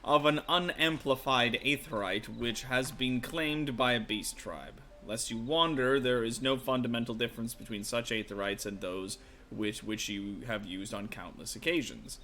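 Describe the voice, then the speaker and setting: A man voicing a careful female scholar, speaking formally and measuredly in a softer, lower tone. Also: steady tone, moderate pace, faint music behind, lightly acted.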